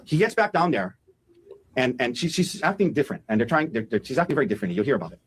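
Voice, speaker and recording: A man, a defense attorney, delivering an animated opening statement to a jury and acting out quotes as he goes. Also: mid-range voice, husky, low-quality recording. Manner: fast, animated, acts out quotes.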